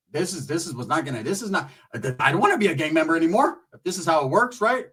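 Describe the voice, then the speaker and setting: A man with a husky, slightly raised voice tells a story from his own life in loose, profane street slang. He sits a little back from the mic, so his voice sounds somewhat distant, and his telling is lively and animated. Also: high-pitched, fairly quick. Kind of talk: casual storytelling.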